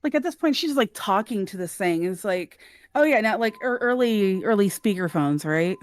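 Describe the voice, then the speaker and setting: A woman's voice: mid-range voice, lively intonation, normal speed. A woman player in a tabletop game, talking earnestly and often in character.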